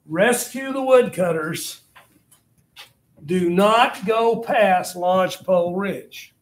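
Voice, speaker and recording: A male teacher playing a stern army colonel who gives slow, firm orders, in an echoey classroom. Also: high-pitched. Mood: commanding. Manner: firm, slow, emphatic commands. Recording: echoey classroom, faint noise.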